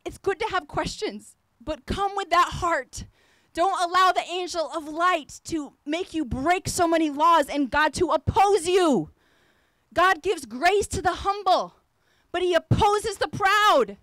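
A woman with a high voice preaches a sermon, pressing her points with fervent, emphatic exhortation and repeated phrases. The sound is dry and close, with no room around it. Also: unhurried, fairly bright tone, no echo. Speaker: apostle preaching.

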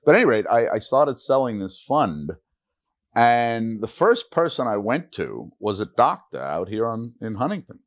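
A man's voice: medium pitch, moderate pace, lo-fi sound. An older man, a retired teacher, telling stories in an oral history interview and animatedly acting out the people he quotes. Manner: animated storyteller who acts out quoted voices.

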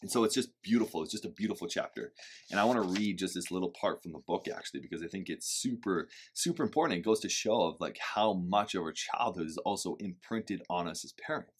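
A man with a low, slightly husky voice, talking to camera about parenting in a loose, reflective way. He is candid and animated, swings into loud emphatic bursts, and drops the odd swear word. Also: a little fast. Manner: occasional swearing. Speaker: parenting vlogger. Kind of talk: casual reflective talk to camera.

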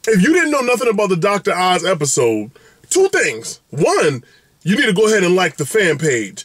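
Animated high-voiced man vlogging. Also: dry recording, studio quality. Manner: exuberant, playful, big swings in pitch and catchphrases. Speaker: food reviewer vlogger. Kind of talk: animated direct-to-camera vlog update.

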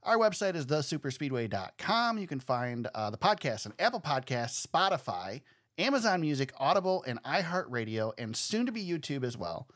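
A man hosting a podcast in casual chat, easygoing and quick to laugh. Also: on the high side, very animated, fairly bright tone. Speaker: podcast host.

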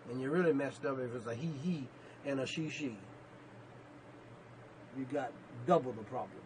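A male pastor preaching a sermon, emphatic, repeating himself and rising to sudden loud peaks. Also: mid-range voice, normal speed, slight background noise, low-quality recording.

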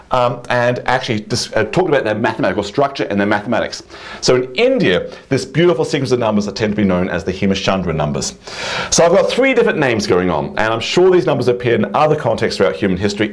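A man teaching a math lesson at a whiteboard, enthusiastic and quick to exclaim over the beauty of the ideas. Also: fairly low pitch.

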